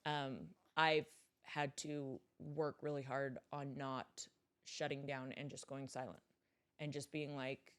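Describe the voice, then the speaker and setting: Low-voiced reflective woman co-host. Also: level tone, slow, clean tone. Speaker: podcast co-host. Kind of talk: casual chat.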